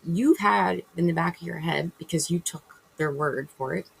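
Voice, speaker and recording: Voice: mid-range voice, normal speed, gravelly, fairly bright tone, slightly rough, rough recording. A vlogger talking casually to camera in a rambling spiritual monologue, acting out imagined conversations and correcting themselves as they go. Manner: loose and chatty, with fillers and self-corrections.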